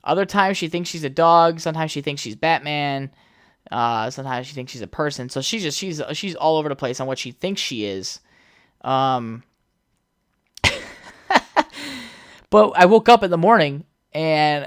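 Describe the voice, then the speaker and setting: A young adult podcast host tells a loose, meandering story on their own, cursing freely and drifting into side remarks. The voice sits at a mid pitch and is recorded close and dry, with no room sound around it. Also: animated, normal speed, pauses often, clean tone, no room sound. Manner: rambling, heavy swearing, chatty asides. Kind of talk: casual solo podcast storytelling.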